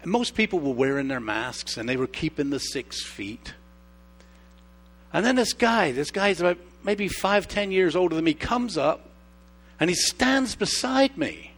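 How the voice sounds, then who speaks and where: A middle-aged male pastor preaching a sermon, telling personal stories that swing from hushed, slow emphasis to animated outbursts. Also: on the high side. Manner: expressive storyteller, shifts from hushed to animated.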